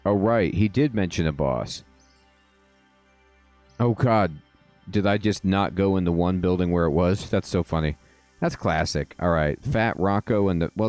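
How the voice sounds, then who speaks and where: A man's voice: low-pitched, darkish tone, dry recording. A man giving casual, wry commentary while playing a game at home. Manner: wry, amused asides. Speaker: let's play host. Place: home gaming setup.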